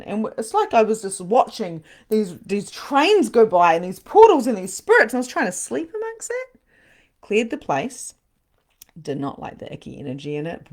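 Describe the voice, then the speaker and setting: A woman hosting a live online spiritual session, telling stories in a casual, animated way. She laughs often, swears for emphasis and acts out scenes, then turns quiet when she speaks of loss. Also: on the high side. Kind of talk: casual storytelling to a live audience.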